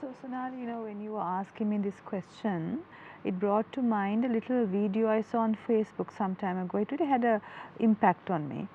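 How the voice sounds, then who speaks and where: A woman's voice: medium pitch, fairly quick, dull audio, a little hiss or hum. A woman, a psychology guest on a talk show, explaining earnestly through a story. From Sri Lanka. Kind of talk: studio talk show interview.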